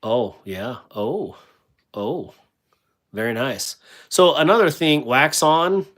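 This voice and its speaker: Man hosting a casual livestream, mid-pitched voice, rambling and full of fillers, reads chat comments aloud. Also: animated, takes it slowly, a bit bright. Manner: rambling, with many fillers and restarts; reads viewer comments aloud and answers them. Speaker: livestream host.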